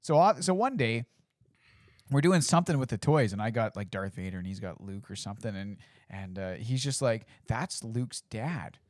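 An adult man chatting casually with friends, swearing often and getting excited while telling stories. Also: lowish voice, normal speed, no room sound, studio quality. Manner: profane, excitable storyteller. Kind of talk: casual chat.

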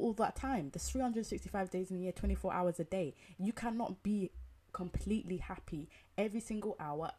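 A woman's voice: fairly low pitch, a little mellow. A young woman giving an emphatic opinion monologue, repeating herself and asking rhetorical questions. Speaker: commentator.

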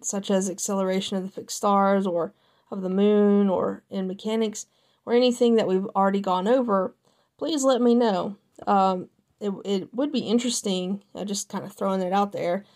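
A woman's voice: mid-range voice, darkish tone. Woman reading encyclopedia entries aloud. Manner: careful reading with stumbles and self-corrections. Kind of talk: reading aloud with casual asides.

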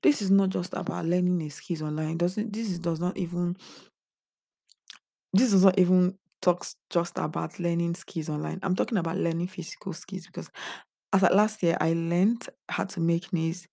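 A woman's voice: lowish voice, steady tone, moderate pace, creaky, dark tone, no echo, studio quality. A young woman, talking candidly to her viewers in a personal vlog and sounding emotionally drained. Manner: earnest and confiding, talks straight to viewers. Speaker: vlogger.

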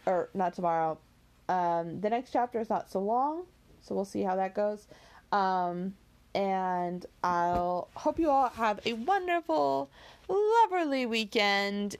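A woman's voice: medium pitch, smooth. A woman reading a classic novel aloud chapter by chapter, then chatting about it in a rambling, self-deprecating way. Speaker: reader of an audiobook series.

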